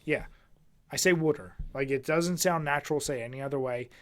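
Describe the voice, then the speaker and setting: A man's voice: fairly high pitch, fairly quick. A young man from Philadelphia with a Philly accent, co-hosting a podcast and teasing his friend in a laughing, profane way. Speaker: podcast co-host. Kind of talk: casual chat.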